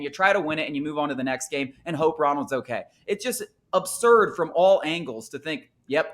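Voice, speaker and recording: A man's voice: fairly high pitch, a bit bright. A man hosting a sports talk show, ranting in an emphatic, exasperated way.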